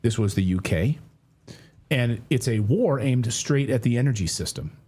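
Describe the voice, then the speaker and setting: A man's voice: mid-range voice, expressive, moderate pace, mellow. A middle-aged man hosting a news commentary show, talking to camera in a conversational way, correcting himself and dropping wry asides.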